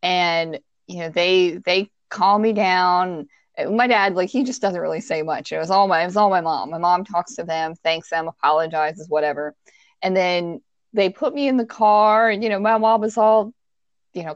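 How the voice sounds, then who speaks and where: A woman telling a childhood story in casual chat, animated, acting out the people in it with squeaky high voices and laughing at herself. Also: moderate pace, dry recording, dull audio. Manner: self-mocking, laughs while telling.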